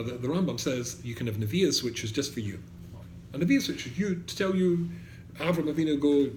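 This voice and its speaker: A man, a rabbi teaching a class to students, quoting Hebrew verses, translating them and putting questions to the room. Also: on the high side. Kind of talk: animated Torah lecture. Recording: echoey room, faint background noise.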